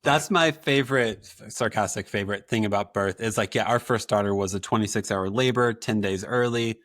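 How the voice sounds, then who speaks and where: A man in his forties hosting a casual podcast chat, relaxed, acting out little quotes as he talks. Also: fairly low pitch, fairly quick. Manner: relaxed, frequent yeahs, plays out quotes. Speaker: podcast host.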